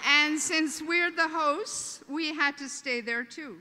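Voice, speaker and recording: Irish woman welcoming a big crowd, slow and joking, echo of a big hall. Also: sits high, noisy background. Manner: warm, joking, folksy. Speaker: host welcoming a convention. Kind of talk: humorous welcome speech. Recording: reverberant convention hall.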